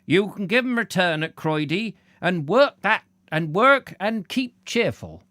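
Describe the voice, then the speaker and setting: A man voicing a cheerful, encouraging old man who talks slowly and emphatically. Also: sits high, expressive, pushed and bright, no echo, clean studio sound, voice pushed up, full character voice.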